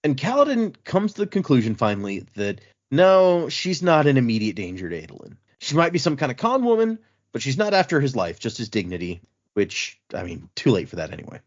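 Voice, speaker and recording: Lively man recapping a book. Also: mid-range voice, brisk, highs cut off. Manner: animated, acts out characters' lines while recapping. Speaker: podcast co-host. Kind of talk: casual book-club chat, recapping chapters.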